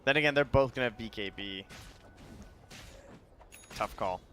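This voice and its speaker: A man's voice: lowish voice, moderate pace, fairly bright tone, slight background noise. A man giving analytical esports commentary, thinking aloud about drafts and items.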